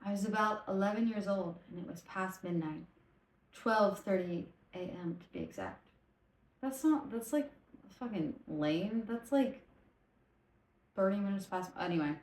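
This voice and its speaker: A woman hosting a casual storytelling podcast, tipsy from vodka, retelling stories in an animated, rambling way with swearing and stumbling self-corrections. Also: mid-range voice, a little slow, echoey room, rough recording. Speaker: podcast host.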